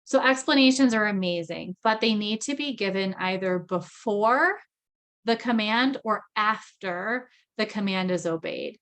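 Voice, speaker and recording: A woman's voice: mid-range voice, measured pace, fairly bright tone. A woman in her thirties presenting a parenting skills lesson in a conversational tone, often adding tag questions. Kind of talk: recorded training lecture.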